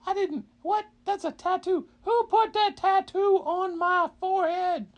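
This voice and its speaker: A man's voice: extremely high pitch, fairly even intonation, measured pace, dull audio, pitched above the performer's own voice. A man voicing a confused, grumpy male dragon in a bedtime story, asking whiny, puzzled questions. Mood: bewildered.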